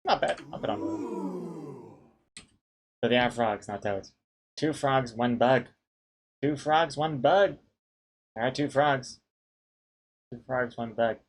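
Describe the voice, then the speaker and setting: A man chatting casually on a live stream, reading viewer suggestions aloud one by one. He jokes about each one and laughs between them. His pitch sits in the middle for a man. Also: takes it slowly, pauses often, slightly rough. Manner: jokey, reads names aloud, laughs often.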